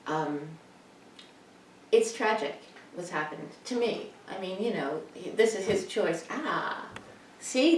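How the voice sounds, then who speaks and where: An older woman rambling wryly and self-deprecatingly in a casual personal video message at home. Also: deep voice. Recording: roomy, distant mic, faint noise.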